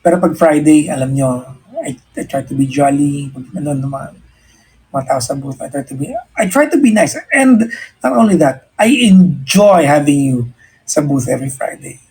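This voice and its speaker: Husky filipino guy hosting a live chat, kinda high voice, earnest advice, stumbles and restarts. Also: darkish tone, rough recording. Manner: earnest and reflective, mixing English and Tagalog, frequent restarts. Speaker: radio host answering a listener. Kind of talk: casual livestream chat, giving life advice.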